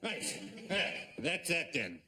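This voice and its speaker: An actor playing a pompous, blustering general in a TV sitcom. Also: male voice, very animated, slow, bright, forceful tone, full character voice. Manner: blustering, booming. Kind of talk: TV sitcom acting.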